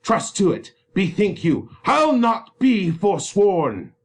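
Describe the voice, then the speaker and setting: A man reading aloud as an enraged, domineering older father and lord, shouting clipped threats at his daughter. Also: medium pitch, very animated, a little slow, pitched above the performer's own voice. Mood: furious. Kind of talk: dramatic reading of a play.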